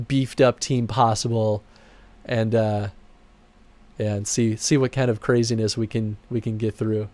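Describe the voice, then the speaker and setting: A chatty male streamer talks to his viewers in a relaxed, rambling way and laughs often. His voice sits in an ordinary middle register but jumps up when he gets excited. The recording is close and dry, with no room sound. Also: medium pitch, dry recording. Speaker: streamer and game producer. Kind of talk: casual livestream chat over game credits.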